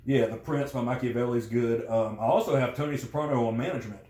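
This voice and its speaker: A man's voice: mid-range voice, fast, mellow. A man chatting casually as a guest, rambling with many fillers and restarts. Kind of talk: casual conversation. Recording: roomy echo.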